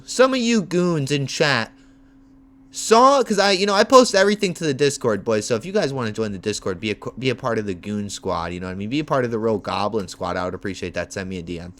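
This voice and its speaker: A man's voice: mid-range voice, animated, a little fast, fairly bright tone. A man streaming live as an MMA content creator, telling a grievance story in a heated, profane rant. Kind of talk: livestream rant.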